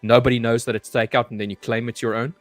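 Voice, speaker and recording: A man's voice: mid-range voice, little pitch movement, quick pace, faint music behind. A man, co-hosting a livestream in casual, joking chat that stumbles over repeated words. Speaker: livestream co-host.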